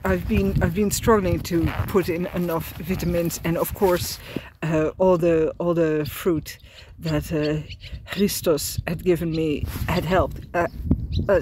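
An Irish woman, a pilgrim vlogger, records a casual video diary while walking beside a road, rambling with lots of fillers and restarts and sounding a little tearful. Her voice is fairly low in pitch, and the background is noisy.

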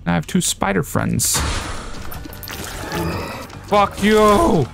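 A man giving profane, excitable commentary as he plays a video game, shouting at enemies. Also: high-pitched, drawn-out words, gravelly. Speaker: gaming streamer. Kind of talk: let's play commentary. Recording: game music behind.

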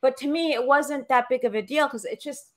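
A woman's voice: high-pitched, a little fast. A woman guest in casual podcast chat, blunt and profane, talking with lots of fillers over a video call.

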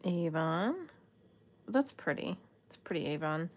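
A woman's voice: on the low side, sing-song, takes it slowly. A woman vlogger casually chatting through a jewelry haul, musing aloud and talking to the items. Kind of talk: casual unboxing chat.

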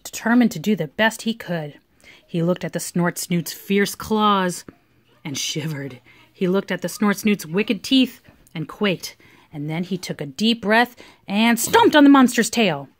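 At home, a woman with a mid-range voice reads a picture book aloud to a young child, telling the story expressively.

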